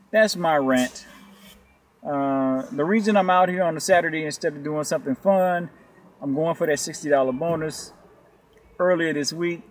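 A man who works as a rideshare delivery driver, talking loosely and profanely in a rambling rant to his viewers. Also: on the high side. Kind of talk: casual ranting vlog.

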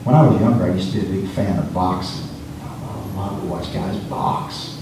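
Preacher's voice echoing from afar. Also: male voice, low voice, normal speed, noisy background. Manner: emphatic, repeats words when speeding up. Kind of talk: sermon. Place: church sanctuary. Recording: echoey church from far off.

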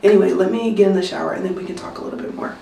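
A woman's voice: mid-range voice, rapid-fire, creaky. Young woman, chatty vlog talk, roomy room, a bit off-mic, faint background hum. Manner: chatty, venting, lots of "like" and "y'all". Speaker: nursing student vlogger. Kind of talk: casual vlog talk to camera. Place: at home in an apartment. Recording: roomy, slightly distant phone recording.

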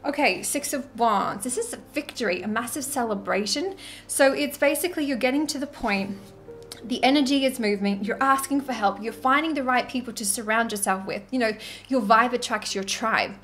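A woman talking casually to camera as a spiritual coach, giving an animated tarot reading and acting out quoted voices. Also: on the high side, normal speed, soft background music.

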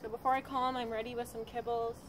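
A woman dog trainer calmly explaining, step by step, how she trains a dog. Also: fast, slight background noise. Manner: calm, practical explaining with frequent high-pitched praise to the dog.

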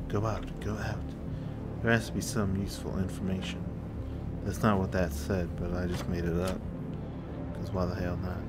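A man giving live gameplay commentary, cursing and joking as he talks to himself. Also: lowish voice.

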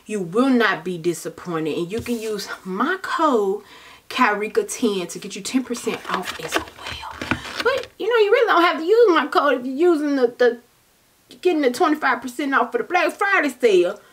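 A woman's voice: fairly high pitch, big pitch swings, moderate pace, a little hiss or hum. A young woman talking casually to her viewers in a haul vlog. She sounds tired and chatty, and she calls her viewers "baby" and "child". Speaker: vlogger.

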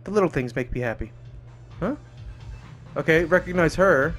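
A man's voice: on the high side, expressive, normal speed. A young man giving profane, jokey let's-play commentary while he plays. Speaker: gaming channel host. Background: game music.

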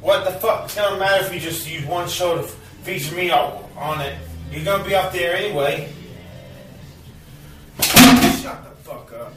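A man ranting to the camera at home in a bitter, profane vlog, now and then bursting into shouts. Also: high voice, brisk, roomy sound, recorded from a distance, faint music behind. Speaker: vlogger. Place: cluttered home, indoors.

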